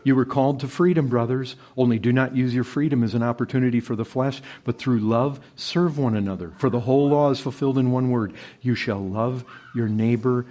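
A man preaching an expository sermon, swinging from loud emphatic peaks to low hushed lines and often calling out "brethren". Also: fairly quick, few pauses.

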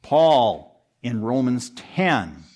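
A man preaching an expository sermon to a congregation in a room, earnest and pressing, jumping up for emphasis and dropping low and quiet at the ends of verses. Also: big pitch swings, very slow. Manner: earnest, pressing, rises sharply for emphasis then drops low. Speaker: pastor.

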